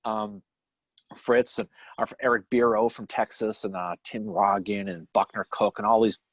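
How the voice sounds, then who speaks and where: A man's voice: lowish voice, flat delivery, moderate pace, slightly rough, no room sound. A middle-aged man from the Boston area with a Boston accent, co-hosting a casual live stream, rambling through old memories, swearing freely and laughing often. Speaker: podcast co-host.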